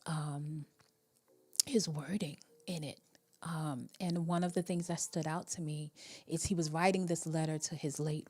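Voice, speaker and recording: A woman hosting a live relationship-coaching show, talking in a reflective, meandering way with many fillers and a soft, half-whispered delivery at times. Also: low-pitched. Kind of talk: casual live-stream talk.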